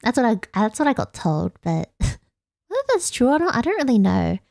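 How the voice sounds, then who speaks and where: A woman's voice: fairly high pitch, sing-song, normal speed, creaky, darkish tone, no room sound, studio quality. Giggly Australian woman streamer. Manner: giggly, rambling, self-deprecating. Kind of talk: casual late-night chat stream.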